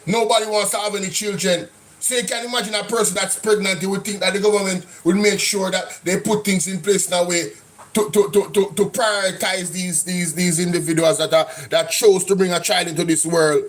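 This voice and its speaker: A man's voice: high voice, steady tone, normal speed, fairly bright tone. A Jamaican man hosting a live stream, reacting to politics with an impassioned, repetitive rant. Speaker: political commentary host.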